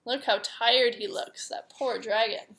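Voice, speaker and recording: Lady reading a storybook to little kids, slow and gentle, kinda high voice. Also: steady tone, a little hiss or hum. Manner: gentle, chatty asides to young listeners. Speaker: preschool teacher. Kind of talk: picture book read-aloud for children.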